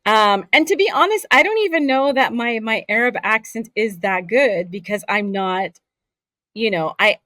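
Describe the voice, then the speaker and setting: At normal speed and a slightly high pitch, a woman who grew up in Saudi Arabia talks as a voice actor guest in a casual interview. Her storytelling is candid and animated, and there's no echo.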